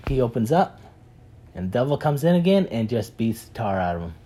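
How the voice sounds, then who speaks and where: Casual mellow-voiced man telling a story. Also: mid-range voice, big pitch swings, a little fast, breathy edge. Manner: casual, with fillers and repeats. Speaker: speaker retelling a parable. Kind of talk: animated storytelling talk.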